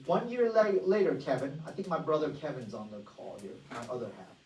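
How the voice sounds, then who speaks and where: A woman giving an energetic money-management workshop presentation, often asking the audience rhetorical questions. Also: sits low, fairly quick. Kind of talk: motivational presentation. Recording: echoey room, voice far from mic.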